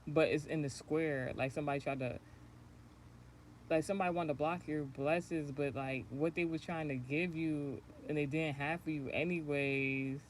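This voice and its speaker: A low-voiced woman hosting a spiritual channel spins a long, rambling tale in a casual livestream, cursing and laughing frequently. She speaks at a moderate pace with fairly even intonation, and some hiss or hum is audible.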